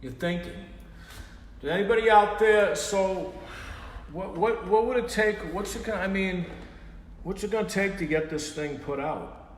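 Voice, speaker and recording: A man hosting a live stream, exasperated, shouting for an answer and muttering curses under his breath. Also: high voice, normal speed. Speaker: stream host. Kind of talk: casual live-stream comedy bit. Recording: echoey room with long reverb, faint hiss.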